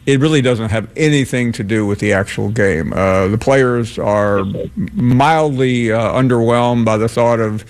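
Guy hosting sports call-in radio, calm measured answers, mid pitch voice. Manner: measured, relaxed, frequent uh fillers. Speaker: radio sports talk host.

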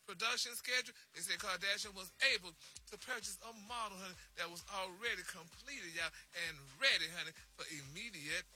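Sassy high-voiced male gossip reporter. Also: fairly quick, pushed and bright. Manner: sassy, sprinkles "honey" and "y'all" through every sentence. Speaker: celebrity news reporter on a morning radio show. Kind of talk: gossip segment on morning radio.

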